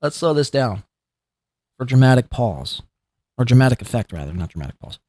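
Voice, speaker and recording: A man's voice: medium pitch, very animated, a little fast, dark tone, no echo. A man hosting a podcast, giving sarcastic, mocking commentary on clips and swearing freely. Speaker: podcast host.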